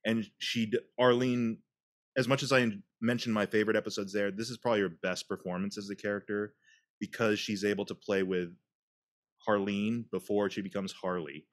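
A man hosting a casual podcast chat, retelling scenes with laughs and quick put-on voices. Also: lowish voice. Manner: animated retelling, acts out quotes with laughs. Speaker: podcast host.

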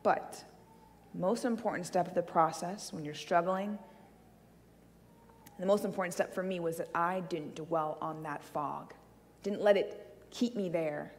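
A woman's voice: on the low side, steady tone, measured pace, long pauses, in a large hall. A woman giving a sermon, telling a personal story with playful asides. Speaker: church speaker. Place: church hall.

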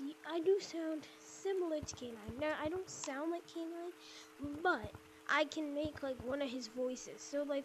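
High-voiced woman in soft, rambling game commentary. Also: a little hiss or hum. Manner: rambling, filler-heavy, soft and half-whispered in the intro. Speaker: gaming YouTuber. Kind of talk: casual gameplay commentary.

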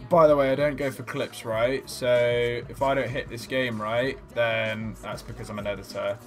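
Young man, rowdy sweary gamer banter, impressions, faint music behind. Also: mid-range voice. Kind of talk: comic impressions over gameplay commentary.

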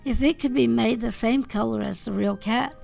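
A woman's voice: on the high side, normal speed, creaky, darkish tone, soft background music. A woman voicing a small, thoughtful fairy sprite in a storybook, speaking in a thoughtful, eager way.

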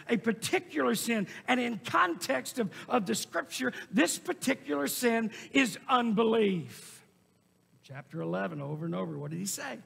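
A high-voiced man preaches a sermon, his tone gravelly and husky. He hammers his points with repetition and bursts into shouts. His voice rings with the long reverb of a church hall. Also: animated, a little fast. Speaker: pastor. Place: church sanctuary.

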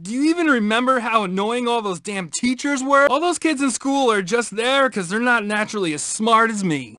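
A man's voice: high voice, sharp tone, dry recording, studio quality, full character voice. An actor playing a boastful, dim-witted male teen dropout who brags and taunts in video game voice lines. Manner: cocky, bragging and taunting. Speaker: game character.

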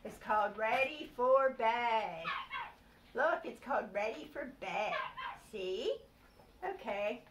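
An older woman reading a bedtime storybook aloud to a child, gently explaining and prompting as she goes. It is a distant home recording with noise behind. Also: fairly high pitch, takes it slowly, echoey room. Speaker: grandmother reading bedtime stories.

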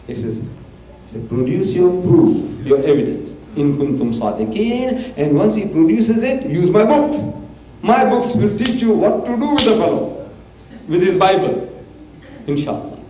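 A man's voice: high voice, very animated, normal speed, warm tone. An older man from South Africa giving a lecture to an audience, talking emphatically, repeating phrases for effect and laughing at his own stories. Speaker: Islamic lecturer. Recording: echoey hall recording with faint hiss.

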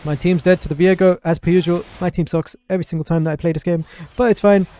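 A young man streaming a video game, chatting excitedly through the match and answering his chat. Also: high-pitched, quick pace. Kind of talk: live gameplay commentary.

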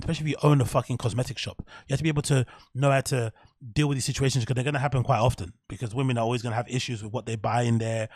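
A man's voice: mid-range voice, darkish tone, dry recording, studio quality. A man hosting a podcast, reacting bluntly and with profanity to a news clip in a casual commentary style. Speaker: podcast host.

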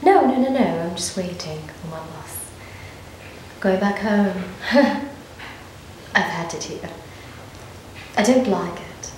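A woman's voice: on the low side, animated, takes it slowly, pauses often, a little hiss or hum. An actress playing a nervous, evasive young woman on the run, talking in a rambling, defensive way with nervous laughs. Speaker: actor. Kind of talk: dramatic monologue. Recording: very echoey room.

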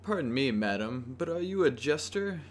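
A man's voice: mid-range voice, very animated, moderate pace, slight background noise, lightly acted. A man voicing a polite, earnest young princess in a video game, with a prim, lifted delivery.

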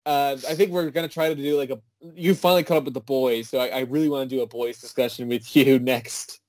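A young man co-hosting a podcast, talking in a relaxed, wry, joking way. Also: mid-range voice, fast, dry recording. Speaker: podcast co-host. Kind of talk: casual chat.

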